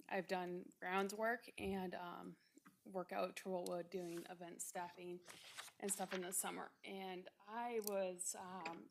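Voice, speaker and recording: A nervous young woman at a podium microphone, near tears as she speaks. She hesitates often, with pauses and fillers, and her voice sits at a middle pitch. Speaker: school district employee giving public comment. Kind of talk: public comment at a board meeting.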